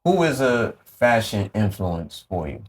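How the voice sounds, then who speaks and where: A man's voice: on the low side, very animated, a little slow. A man hosting a casual interview, musing through his questions and acting out little quotes along the way. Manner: laid-back, musing, acts out quotes. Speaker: podcast host.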